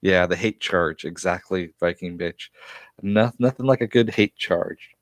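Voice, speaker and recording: Male reviewer, lowish voice, dry close mic, casual chatty recap with frequent chuckles. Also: unhurried, no room sound. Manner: chatty, laughs often, many fillers. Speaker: TV episode reviewer.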